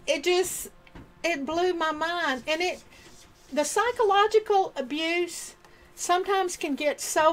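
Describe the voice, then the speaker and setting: High-voiced woman telling a personal story. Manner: animated, expressive, acts out remembered dialogue. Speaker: storyteller sharing personal experience.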